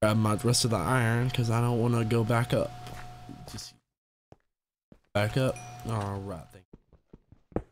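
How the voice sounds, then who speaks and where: A man's voice: lowish voice, little pitch movement, a little slow, long pauses, a little hiss or hum. A young man giving casual, playful commentary as he plays a game, talking to the creatures he meets. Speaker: gamer.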